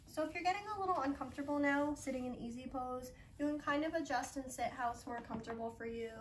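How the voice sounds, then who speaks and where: A young woman, a library yoga instructor, gently coaxing children through a breathing lesson. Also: high voice, distant mic, a little hiss or hum. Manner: encouraging, coaxing, talks slowly to children. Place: library room, indoors.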